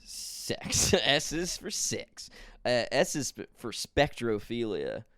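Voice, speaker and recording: A man co-hosting a comedy podcast, crude and deadpan, often laughing at his own jokes. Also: medium pitch, slow pace, dry recording, studio quality. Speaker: podcast co-host.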